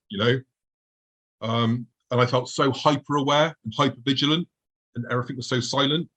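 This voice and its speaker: Man, husky, mid-pitched, storytelling guest. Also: fairly even intonation, brisk, a bit bright, rough recording. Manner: vivid storytelling, acting out his own past thoughts. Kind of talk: recounting a personal encounter.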